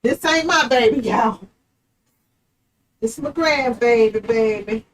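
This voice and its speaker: A woman's voice: on the high side, slow pace, pauses often, a little hiss or hum, low-quality recording. A middle-aged woman, hosting a live print-shop stream in a chatty, folksy way and talking straight to her viewers. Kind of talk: casual live craft demonstration.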